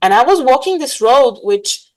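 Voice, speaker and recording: A woman's voice: high voice, lively intonation, normal speed, rough recording. A woman from Bulgaria, a guest in a casual interview, talking animatedly with many fillers and frequent laughs.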